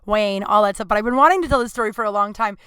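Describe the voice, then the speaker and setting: A bright, clear-toned woman in her thirties rambles through a casual podcast monologue, leaning on fillers and laughing at herself. She is recorded close and dry in a small closet at home, with no room sound around her. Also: mid-range voice, rapid-fire, no echo. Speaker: podcast host.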